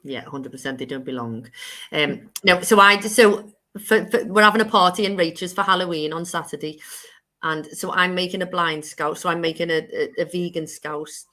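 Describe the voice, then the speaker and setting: A woman's voice: lowish voice, normal speed, bright, forceful tone. A woman co-hosting a casual chat show, talking in a chatty, rambling way and laughing often. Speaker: co-host.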